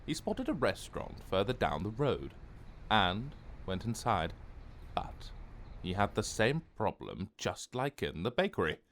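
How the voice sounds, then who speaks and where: A man narrating a children's animated short in a gentle, expressive storytelling voice. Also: lowish voice, measured pace, a little hiss or hum.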